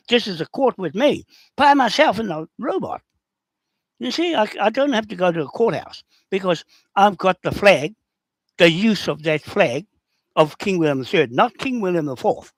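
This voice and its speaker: Combative New man, lively high voice. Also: dry recording. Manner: rough, confrontational, repeats himself. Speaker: livestream host answering comments. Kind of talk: rambling, combative livestream talk.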